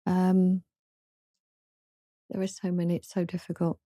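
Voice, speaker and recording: A woman from southern England with a southern English accent, a guest author in an interview, speaking hesitantly with many pauses and restarts. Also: on the low side, completely flat delivery, warm tone, no room sound, studio quality. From southern England, London. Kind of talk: casual interview chat.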